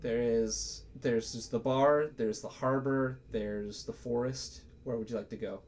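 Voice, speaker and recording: A man narrating as game master in a casual, halting way, with many fillers. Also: medium pitch, steady tone, darkish tone.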